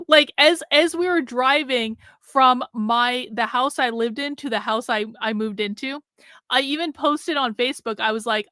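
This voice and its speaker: A bright-voiced woman talks in a blunt, chatty way, hosting her own livestream. Her voice sits a little high. The sound is close and dry. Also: unhurried, dry recording. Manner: blunt, chatty, laughs often. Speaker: livestream host. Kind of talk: casual livestream commentary.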